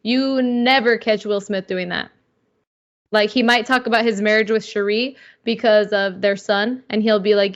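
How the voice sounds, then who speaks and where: A woman's voice: mid-range voice, normal speed. Slangy young woman chatting on a podcast. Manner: animated, slangy, says "like" and "dude" a lot. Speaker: podcast co-host. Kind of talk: casual podcast chat. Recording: slightly dull lo-fi audio.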